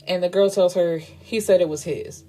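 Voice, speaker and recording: A woman recaps a novel's plot for her book show, speaking in a relaxed, frank and slangy way. Her voice sits a little low and sounds warm and mellow rather than bright. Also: normal speed, soft background music. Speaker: book reviewer host.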